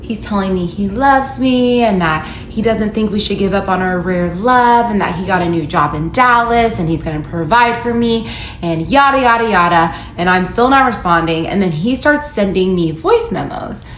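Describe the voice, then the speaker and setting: A woman's voice: medium pitch, expressive, normal speed. A young adult woman telling a personal story in a candid, wry way, quoting messages in her own voice. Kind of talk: casual storytelling to camera. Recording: echoey room with faint background noise.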